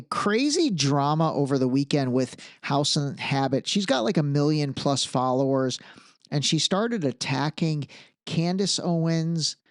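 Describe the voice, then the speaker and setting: A man hosting a podcast, giving casual solo commentary in an animated, emphatic way with frequent asides. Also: medium pitch, dry recording, clean studio sound. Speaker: podcast host.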